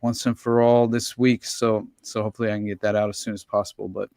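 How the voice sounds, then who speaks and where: A man's voice: lowish voice, flat delivery, fast, gravelly, a little mellow, no echo, clean studio sound. A man co-hosting a podcast, rambling and swearing freely in casual chat, laughing often. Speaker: podcast co-host.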